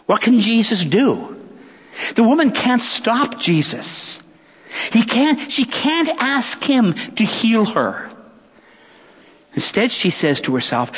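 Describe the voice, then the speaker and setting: A middle-aged male pastor preaching a sermon, with dramatic pauses and rhetorical questions. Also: very high-pitched, very animated, slightly rough. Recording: long church reverb.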